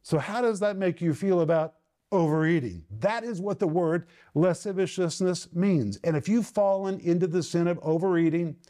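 A man teaching the Bible on television with a high-pitched voice that still sounds dark and mellow. He speaks earnestly and with emphasis, and often puts rhetorical questions to the listener. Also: normal speed.

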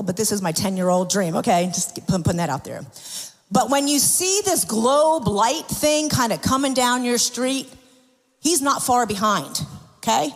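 A woman preaches in a church, telling a story in an earnest, confessional way. Her voice sits a little high. She often restarts her sentences, and a long reverberant tail follows her words around the hall. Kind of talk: sermon testimony.

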